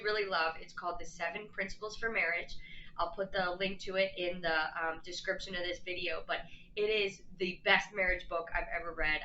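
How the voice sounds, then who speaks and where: A woman's voice: on the low side, pushed and bright, echoey room, lo-fi sound, a little hiss or hum. A woman life coach talking earnestly and casually to camera, acting out quoted lines as she explains.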